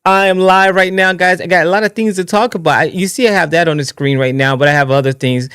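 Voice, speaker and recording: A man hosting his own live political talk stream in a casual, excitable, rambling way, often restarting his sentences. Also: high-pitched, fast, clear, resonant tone, no echo, studio quality. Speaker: livestream political show host.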